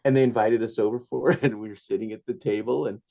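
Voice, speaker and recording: A man's voice: fairly low pitch, fairly even intonation, quick pace, gravelly. Older guy telling funny family stories, laughs a lot, kinda dull lo-fi sound. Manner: warm anecdotal storyteller, laughs often, drops Spanish phrases. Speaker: author guest. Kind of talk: storytelling interview.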